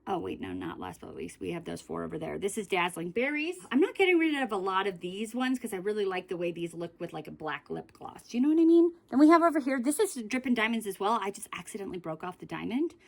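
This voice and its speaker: A woman's voice: mid-range voice, very animated, fast, gravelly, hardly any pauses. A young woman beauty vlogger chatting casually through a product review, rambling with many fillers.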